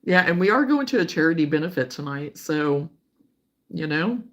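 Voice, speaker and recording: A woman hosting a casual crochet livestream, chatting warmly and reading out viewer comments, sometimes close to tears. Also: low voice, lively intonation, normal speed. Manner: warm, emotional, reads viewer comments aloud.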